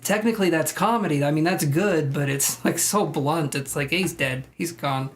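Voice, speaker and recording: A man's voice: a little high, normal speed, slight background noise. A man hosting a tarot live stream, chatting casually with viewers, joking, laughing and swearing freely.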